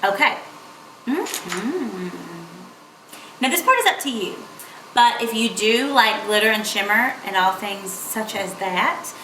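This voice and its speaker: A woman's voice: mid-range voice, lively intonation, slow pace, sharp tone, slight background noise. A young woman, chatting playfully through a makeup tutorial. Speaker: beauty vlogger. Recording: echoey room.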